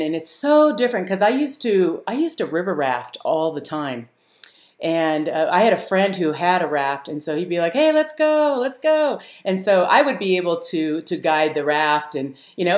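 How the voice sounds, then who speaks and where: A woman hosting a live stream, telling a story to her viewers in a casual, animated way, laughing often and using many fillers. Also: lowish voice, normal speed. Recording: roomy echo.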